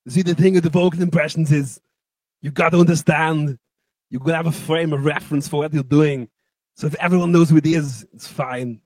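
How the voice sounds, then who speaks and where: A man's voice: on the high side, steady tone, brisk, a little mellow, dry recording, clean studio sound. A man, a musician guest, telling rambling comic stories in a basement venue, laughing often. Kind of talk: comic chat with impressions.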